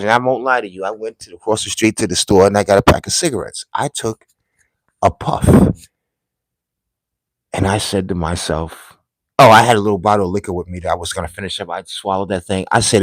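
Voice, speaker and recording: A man's voice: on the low side, no room sound, low-quality recording. A man from the United States giving a casual commentary monologue, telling rambling, emphatic stories.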